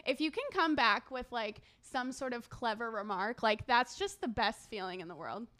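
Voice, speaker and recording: A young woman co-hosts a casual podcast with a bright, fairly high voice. She answers bluntly, swears now and then and reacts fast to her partner's stories. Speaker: podcast co-host. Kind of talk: casual chat.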